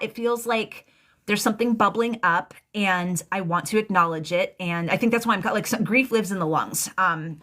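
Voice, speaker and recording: A woman's voice: medium pitch, sharp tone. A young adult woman giving a live tarot reading, chatty and emotional, rambling with lots of fillers and restarts. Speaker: tarot reader.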